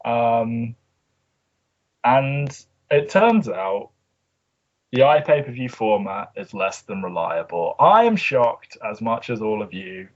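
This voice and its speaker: A man's voice: medium pitch, very animated, slow pace. English guy hosting a podcast, dry sarcastic jokes, muffled lo-fi sound. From England. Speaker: podcast host. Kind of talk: casual podcast chat. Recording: dull lo-fi recording.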